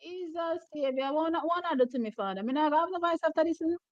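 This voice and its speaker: A Jamaican woman hosting a watch party, reacting live to races with loud, excitable exclamations and slipping between patois and English. Her voice is hoarse and giving out. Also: high-pitched, fast, dry recording, highs cut off. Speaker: track and field watch-party host. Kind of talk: live race reaction commentary.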